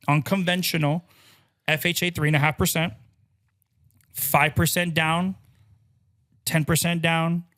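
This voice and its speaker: A man co-hosting a casual podcast as a loan officer, explaining loan terms in quick lists and acting out the people in his stories. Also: on the high side. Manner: animated, acts out quoted people mid-story.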